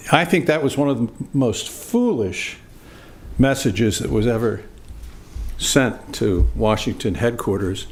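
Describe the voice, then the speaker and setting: Older guy on a panel thinking back out loud, slow halting delivery, lots of uhs, middle-pitched voice. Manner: measured, halting, frequent uh fillers. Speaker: panelist, former diplomat. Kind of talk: reflective panel remarks.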